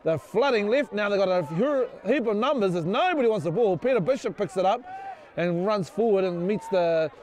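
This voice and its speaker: A man's voice: high voice, expressive, moderate pace, darkish tone, slight background noise. A man giving casual, rambling, jokey commentary on a club rugby match from the sideline, often unsure of player names. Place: outdoors at a club rugby ground.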